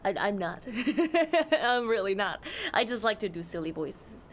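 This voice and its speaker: A woman's voice: mid-range voice, very animated, unhurried, a little hiss or hum. A young woman streamer chatting casually, greeting and answering her chat with a giggly, easygoing manner.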